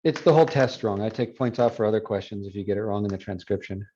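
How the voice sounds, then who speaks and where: A man teaching a phonetics class review, explaining and repeating words slowly to model pronunciation. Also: lowish voice, dark tone, a little hiss or hum. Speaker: Spanish phonetics instructor. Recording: dull lo-fi classroom recording.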